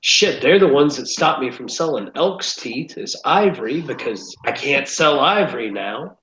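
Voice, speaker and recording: A man's voice: medium pitch, animated, normal speed, a bit bright, slight background noise. A man in casual podcast chat, laid-back and rambling, swearing now and then. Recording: roomy echo.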